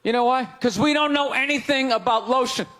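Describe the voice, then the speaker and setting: A middle-aged man doing a stand-up comedy set, ranting in an exasperated way and breaking into sudden shouts, at a comedy club. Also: very high-pitched, brisk. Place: comedy club stage before a laughing crowd. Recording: live club recording, loud crowd laughter, noisy.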